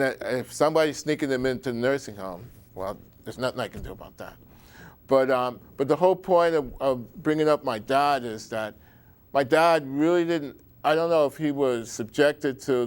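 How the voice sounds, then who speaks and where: A middle-aged man hosting a show, talking in a rambling, digressive monologue with folksy asides and frequent restarts. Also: medium pitch.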